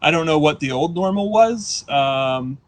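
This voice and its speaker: A man in his thirties doing a live stand-up set, rambling and self-deprecating with deadpan asides. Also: fairly high pitch, a little slow. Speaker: stand-up comedian. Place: comedy stage before a live audience.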